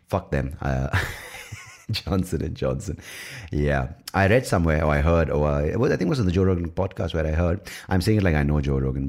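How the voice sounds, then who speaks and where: A man's voice: very deep voice, a little mellow. A young man hosting a casual solo podcast, rambling and irreverent and swearing often. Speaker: podcast host.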